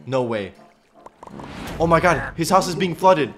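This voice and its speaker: Male reaction YouTuber: excitable, slang-heavy, animated delivery in a slightly high register. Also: unhurried, soft background music. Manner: excitable, slangy, laughs often. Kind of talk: casual reaction commentary.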